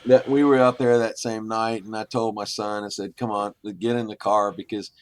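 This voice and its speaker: A man's voice: on the low side, flat delivery, normal speed, no echo. A middle-aged man, a podcast guest, telling long rambling stories in a casual, anecdotal way. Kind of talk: casual storytelling.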